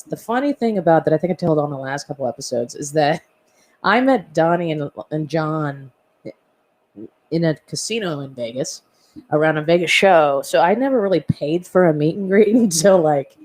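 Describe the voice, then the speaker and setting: A woman in a casual podcast chat, rambling through a memory with asides and soft laughs. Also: low-pitched.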